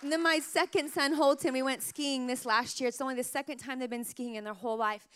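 A woman in her thirties, a mother telling emotional family stories in a casual, animated way, full of "like" fillers, her throat a little sore. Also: high voice, a little fast, clean tone, a faint crowd. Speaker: mother sharing parenting stories. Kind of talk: casual storytelling to camera.

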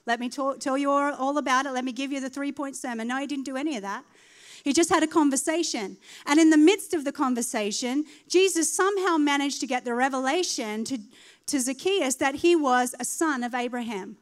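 A woman with a high voice delivers a sermon. She talks in an animated way and builds up to loud, emphatic declarations. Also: a little fast. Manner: laughs at her own slip of the tongue. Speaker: preacher.

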